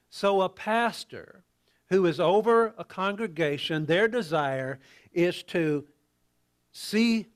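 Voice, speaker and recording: A man preaching a sermon in a conversational, halting way, with many restarts and quiet asides. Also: sits high. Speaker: pastor.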